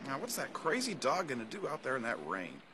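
A man's voice: mid-range voice, huge pitch swings, fairly quick, background noise. An actor playing an earnest teenage schoolboy on a band trip, fussing over his dog in an old-time radio drama. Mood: worried. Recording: radio drama with music behind.

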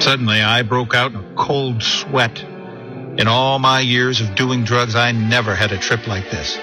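A man's voice: mid-range voice, fairly even intonation, a little slow. A man earnestly narrating his own past in a reflective personal testimony. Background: music.

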